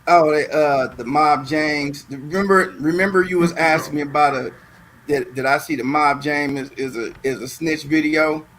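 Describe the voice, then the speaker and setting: A man from Southern California telling a long story in a casual chat, animated and repeating words as he goes. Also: on the high side, moderate pace, slight background noise. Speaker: guest.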